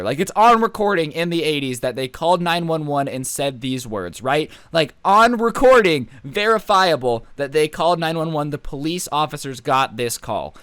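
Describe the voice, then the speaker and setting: Young male storytime YouTuber, smooth clear voice, dry close mic, animated chatty narration. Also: on the high side, moderate pace, hardly any pauses, dry recording. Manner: chatty, animated retelling with asides.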